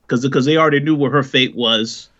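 Halting man on a dull-sounding mic. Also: medium pitch, fairly bright tone. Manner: halting, trails off with fillers. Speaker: podcast co-host. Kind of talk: casual TV recap chat.

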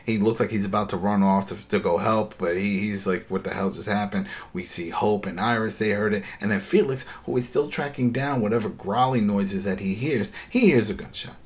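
Exasperated man ranting through an episode recap. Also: on the low side. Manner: animated, exasperated ranting with swearing; acts out character lines in quick impressions. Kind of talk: casual spoken episode recap.

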